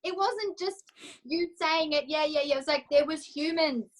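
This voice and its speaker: A woman coach speaks candidly in an interview, her voice sitting somewhat high. She is emotional and open, slipping into the voice of her own inner thoughts as she tells her story. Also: moderate pace, low-quality recording. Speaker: confidence coach, interview guest.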